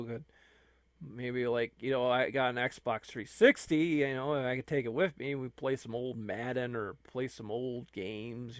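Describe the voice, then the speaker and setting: A man's voice: mid-range voice, fairly bright tone, no echo, clean studio sound. A man hosting a gaming channel, rambling through an improvised comic skit full of "you know"s and restarts. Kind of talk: improvised comic skit, talking to himself in character.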